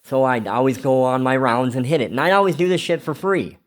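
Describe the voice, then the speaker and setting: A man's voice: medium pitch, a little fast. A man telling a rambling, emotional personal story in a casual confessional vlog, swearing freely. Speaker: vlogger.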